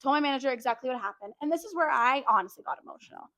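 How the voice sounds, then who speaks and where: Chatty high-voiced young woman. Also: rapid-fire, no echo. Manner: animated, chatty, lots of "like". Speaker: podcast co-host. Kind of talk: casual storytelling chat.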